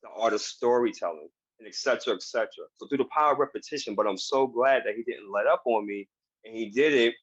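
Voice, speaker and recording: A man's voice: medium pitch, fast, slightly rough, no room sound. A man speaking earnestly and emphatically as a guest in a motivational interview, recorded over a video call. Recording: dull, dry video call audio.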